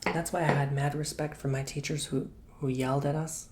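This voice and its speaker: A man giving a soft-spoken ASMR tarot and coffee cup reading, chatty and rambling, with casual slang and whispered asides. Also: fairly high pitch, flat delivery, brisk, slight background noise.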